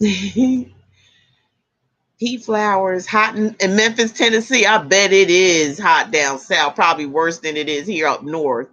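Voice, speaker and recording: A woman with a lowish, steady, slightly bright voice talks a little slowly as she hosts a laid-back tarot livestream at home. She laughs often, chats and greets her viewers by name, with an air conditioner and fans audible in the room.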